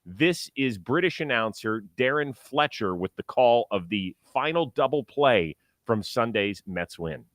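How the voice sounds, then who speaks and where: A man's voice: medium pitch, expressive, measured pace, few pauses, fairly bright tone, no room sound. A man hosting a sports talk show, chatting about baseball in an enthusiastic, joking way and reading ads. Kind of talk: casual sports talk and ad read.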